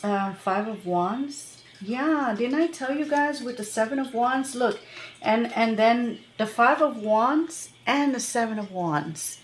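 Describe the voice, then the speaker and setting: A woman's voice: a little high, animated, slow pace, reverberant, a little hiss or hum. A woman tarot reader talking casually to her viewers, rambling and chatty, with many fillers and laughs. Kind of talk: casual tarot reading to camera.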